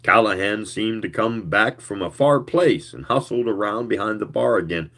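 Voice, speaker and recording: A man giving a live reading of a story in a slow, measured storytelling manner. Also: lowish voice, a bit bright. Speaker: reader.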